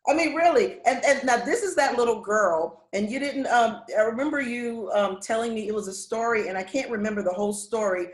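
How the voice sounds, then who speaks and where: A woman's voice: fairly high pitch, fairly quick, few pauses. A woman hosting an interview, affirming her guest and trailing through restarts as she talks. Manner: warm affirming, rambling restarts. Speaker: interview host. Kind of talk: casual interview conversation. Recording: echoey room.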